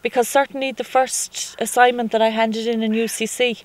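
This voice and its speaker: A woman's voice: on the high side, flat delivery, normal speed. Chatty Irish woman, middle-aged. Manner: frank and chatty, acts out quoted exchanges. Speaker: mature student guest. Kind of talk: interview answers.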